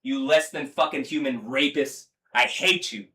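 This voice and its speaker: A man's voice: medium pitch, steady tone, unhurried, bright, forceful tone, slightly rough. A man hosting a livestream, delivering a heated, profane, repetitive tirade. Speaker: livestream host. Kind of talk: angry livestream rant.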